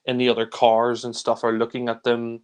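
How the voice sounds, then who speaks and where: Man, casual film review, rambling plot recap, mid pitch, level delivery. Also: completely flat delivery, a little fast, a little mellow, clean tone.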